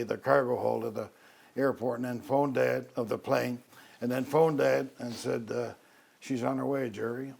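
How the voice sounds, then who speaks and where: Gravelly older storyteller from Newfoundland. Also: male voice, medium pitch. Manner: unhurried, wry, with many "uh" pauses. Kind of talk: personal Christmas storytelling.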